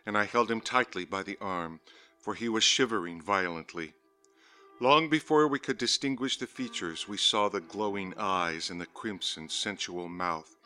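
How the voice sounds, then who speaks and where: A man's voice: fairly low pitch, bright, forceful tone. Man narrating gothic horror over faint music. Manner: measured, ominous, lingering on words. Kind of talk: dramatic audiobook reading of a horror story.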